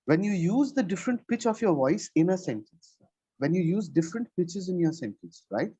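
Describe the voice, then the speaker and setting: Male english tutor, patient explaining, keeps asking right?, mellow husky voice, muffled dry call audio. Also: high voice, sing-song, normal speed, dry recording. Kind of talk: conversational one-on-one lesson.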